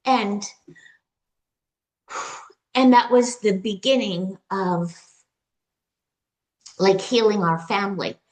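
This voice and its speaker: A woman guest in an interview, telling a personal story in a halting, emotional way, with many fillers and restarts. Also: mid-range voice, steady tone, a little mellow. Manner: recounts dialogue in quoted voices. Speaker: retreat client, interview guest.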